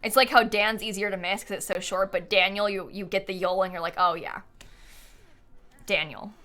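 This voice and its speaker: Bright, chatty American woman streamer. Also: mid-range voice, fairly even intonation, fast. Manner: chatty and rambling, laughs often, answers chat. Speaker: live streamer. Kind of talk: casual live-stream chat while playing a life-sim game.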